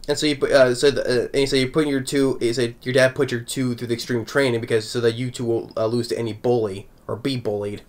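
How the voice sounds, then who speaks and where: A man's voice: medium pitch, flat delivery, quick pace, hardly any pauses. A man recapping an anime episode in a casual, rambling way, chuckling often between thoughts. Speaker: anime reviewer.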